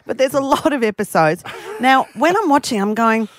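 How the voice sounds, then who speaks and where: A woman's voice: a little high, lively intonation, moderate pace. A woman co-hosting a radio show, telling stories in a blunt, casual manner and laughing often. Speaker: radio co-host.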